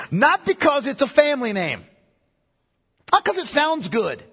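A male pastor preaching a sermon, emphatic, repeating key phrases and dropping low for weight. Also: sharp tone, breathy edge. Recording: long reverb of a large hall.

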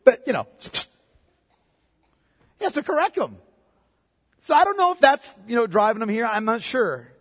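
A middle-aged man preaching a sermon, conversational and animated, with joking asides. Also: very high voice, moderate pace, long pauses, husky. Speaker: pastor. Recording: reverberant hall.

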